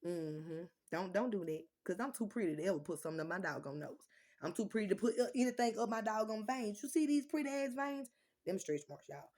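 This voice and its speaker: An animated woman talks straight to her viewers. Her delivery is blunt, profane and lively, swinging her voice up and down as she tells her stories. She speaks at a mid pitch in an easy, casual vlog chat. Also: brisk. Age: adult with children. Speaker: vlogger.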